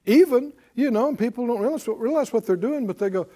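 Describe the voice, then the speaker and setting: High, animated preaching man. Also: a little fast. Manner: call-and-response preaching, swings between loud declarations and low asides. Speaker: pastor. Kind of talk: sermon.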